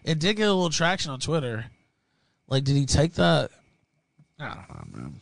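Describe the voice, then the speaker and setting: A bright, high-voiced man rants on a livestream, with his pitch leaping around wildly as he shouts curses and then drops to a mutter. The sound is close and dry. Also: gravelly, no echo. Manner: shouting, swearing, mocking, swings between yelling and muttering. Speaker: livestream host. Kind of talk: angry profane rant.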